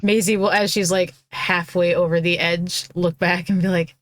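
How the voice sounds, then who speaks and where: A woman playing a tabletop game, giving short, unhurried answers. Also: fairly low pitch, little pitch movement, dry recording. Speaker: player.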